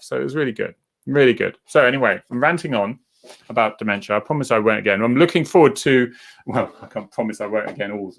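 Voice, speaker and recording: A man's voice: vocal fry, fairly bright tone. A middle-aged man, hosting a casual live chat, rambling and reading out viewer comments and acting out what people said. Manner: acts out quoted people with jumps in pitch.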